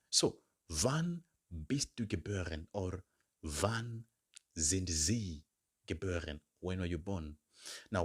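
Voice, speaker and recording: Deep, slow-speaking man tutoring German. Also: husky. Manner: repeats each German phrase slowly, then translates it into English. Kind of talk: slow, repeated language lesson.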